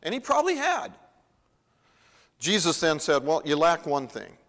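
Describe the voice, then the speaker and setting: A man giving a sermon in a church, talking in a casual, storytelling way and voicing the Bible's speakers as he goes. His voice sits a little high for a man, and a long reverb trails each phrase through the large hall. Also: wildly swooping pitch, normal speed, fairly bright tone. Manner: conversational, acts out the Bible dialogue. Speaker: pastor.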